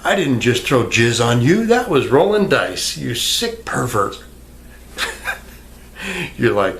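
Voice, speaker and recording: A man's voice: mid-range voice, big pitch swings, slow pace, pauses often, a bit bright, a little hiss or hum. A man ranting to the camera in a rambling, sarcastic way, swearing freely and answering an imagined viewer. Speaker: vlogger. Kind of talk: rambling casual rant to camera.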